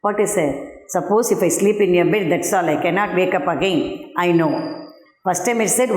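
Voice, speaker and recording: Teacher, woman, patient line-by-line explainer, recorded in a reverberant classroom. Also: lowish voice. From India. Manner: explains slowly, quizzes pupils, repeats words. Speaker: school English teacher. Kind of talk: classroom poetry lesson. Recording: echoey, reverberant room.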